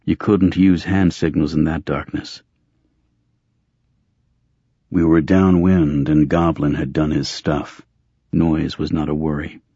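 A very deep, husky male voice narrating a first-person audiobook in a dry, gritty way. The sound is close and dead, with no room around it. The recording is a little dull and muffled. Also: flat delivery, slow pace, long pauses, mellow, no echo.

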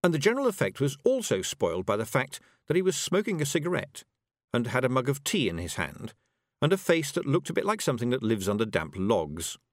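Male audiobook narrator: expressive storytelling, lively pitch, dry studio sound. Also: brisk, dry recording.

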